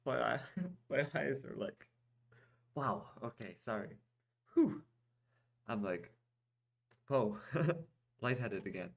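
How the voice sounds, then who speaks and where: A male storyteller reading his own fantasy fiction at a slow, easy pace. His delivery is lively and expressive, with pitch that rises and falls freely, and he drops into relaxed, chatty asides between passages. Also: creaky, a little hiss or hum. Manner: unhurried, expressive reading that breaks into casual asides. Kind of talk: storybook narration.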